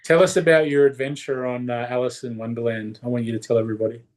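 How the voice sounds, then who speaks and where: A man's voice: medium pitch, level tone, fast, a little mellow. An Australian man co-hosting a podcast, chatting casually with playful, teasing banter. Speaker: podcast co-host. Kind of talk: casual chat. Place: Las Vegas.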